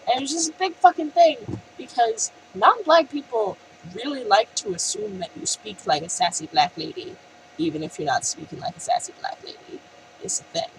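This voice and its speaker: Young adult woman vlogger, animated and profane storyteller, lively pitch, faint hiss under the voice. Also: moderate pace, rough recording. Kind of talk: casual storytelling rant.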